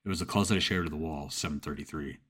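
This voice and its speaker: Deep, husky male horror narrator. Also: racing, a bit bright. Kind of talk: scripted horror story narration.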